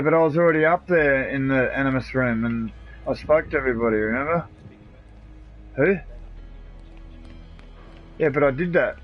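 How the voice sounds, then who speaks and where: A man with an Australian accent rambles casually through a live game stream, with plenty of swearing and laughter as he talks to his mates. His voice sits at an ordinary mid pitch. The stream audio sounds dull and lo-fi, with faint game music underneath. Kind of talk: casual live-stream chat while gaming.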